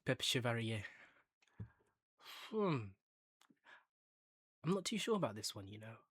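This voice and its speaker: A man's voice: medium pitch, big pitch swings, measured pace, fairly bright tone, breathy edge, dry recording, clean studio sound. A man hosting a casual football chat, ranking players with banter and bursts of hype. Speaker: football fan channel host.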